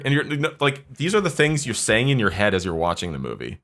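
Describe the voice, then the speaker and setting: A man on a casual podcast, ranting with a lively pitch that swoops up and down. He keeps slipping into mocking character voices. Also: brisk. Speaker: podcast co-host.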